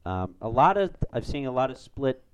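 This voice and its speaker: Chatty sports podcast host. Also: male voice, mid-range voice, moderate pace, muffled recording, noisy background. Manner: rambling, excitable when reacting to plays. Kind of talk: casual sports chat.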